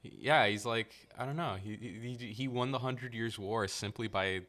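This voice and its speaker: A man co-hosting a podcast, talking through film ideas in a measured, thoughtful way. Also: mid-range voice, fairly bright tone. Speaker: podcast co-host. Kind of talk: casual film-discussion chat.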